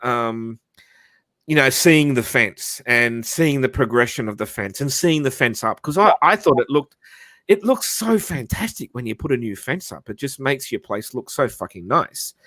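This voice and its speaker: A man's voice: mid-range voice, lively intonation, moderate pace, a bit bright, dry recording, studio quality. An Australian man telling a long anecdote in casual livestream chat, rambling with restarts and frequent swearing. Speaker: livestream host.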